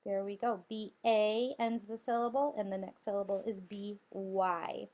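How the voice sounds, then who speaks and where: A woman's voice: mid-range voice, level tone, measured pace, darkish tone. A woman teacher guiding children through a spelling lesson, patiently sounding out letters and syllables.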